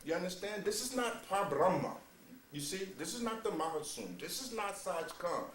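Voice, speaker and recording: A man giving a sermon as a spiritual teacher, calling listeners "beloved," moving between low, measured passages and loud, amused exclamations, with mocking asides and laughter. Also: sing-song, a crowd in the background. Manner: addresses listeners as "beloved", asks "you see?". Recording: roomy, distant mic with faint ambience.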